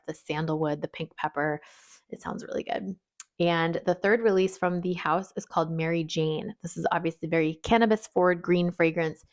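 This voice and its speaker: A woman with a slightly low voice talks casually through a long list of perfume notes. She is chatty and quick to laugh at her own pronunciation. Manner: chatty, rattles off lists, laughs at own French. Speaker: fragrance reviewer.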